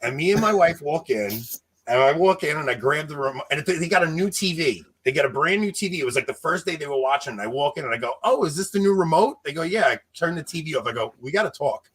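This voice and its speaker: A man in his thirties telling a long personal story in casual chat, animated and laughing, acting out what people said. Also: on the high side, fast talker, slightly rough. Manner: animated, laughing, acts out quotes. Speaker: podcast co-host telling a story.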